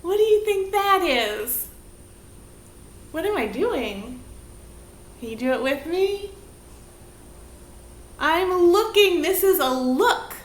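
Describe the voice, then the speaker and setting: A woman teaching a movement lesson for young children, prompting them with slow, sing-song questions, recorded on a camera mic across a room. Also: high voice, sing-song. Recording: echoey room, faint background hiss.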